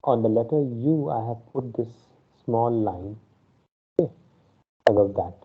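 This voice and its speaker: Male teacher, patient step-by-step explainer, husky, tinny video-call line. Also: mid-range voice, unhurried. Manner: explains step by step, often says okay. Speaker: Spanish teacher. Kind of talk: online class lecture. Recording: phone-like online class audio.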